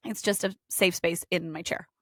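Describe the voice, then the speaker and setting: A woman in her thirties, a hair stylist, chatting as a podcast guest and telling lively stories. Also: on the low side, normal speed, dry recording, clean studio sound. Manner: chatty, animated storyteller. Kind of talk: casual podcast chat.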